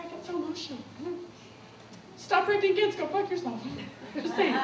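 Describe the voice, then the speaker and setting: Woman, stage speaker, blunt and emotional, high voice, echoey far-off room sound. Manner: candid, swearing, swings from solemn to giddy. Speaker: guest speaker. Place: comedy club stage. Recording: echoey room, distant mic, faint noise.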